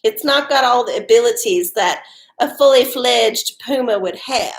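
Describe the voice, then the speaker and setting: A woman's voice: on the high side, moderate pace. A woman hosting a casual livestream from home, chatty and profane, often laughing. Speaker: livestream host doing oracle readings. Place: home with dogs.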